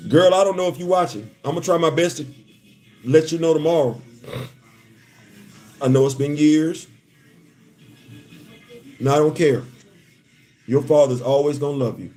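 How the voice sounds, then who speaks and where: Fifties male streamer, casual and laughing, a touch high-pitched, heartfelt asides. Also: moderate pace, long pauses, dark tone, soft background music. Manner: laughs often, stammering restarts, heartfelt asides. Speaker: livestream host. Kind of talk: casual live-stream chat.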